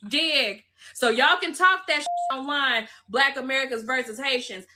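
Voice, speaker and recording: A woman's voice: high voice, moderate pace, bright, forceful tone. A woman in a played online clip, lecturing emphatically and with profanity. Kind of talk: online video rant.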